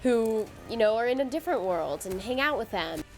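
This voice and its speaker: A woman's voice: a little high, lively intonation, brisk, a little mellow. A young woman, an actress, chatting in a bubbly, upbeat way in an interview. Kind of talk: casual interview.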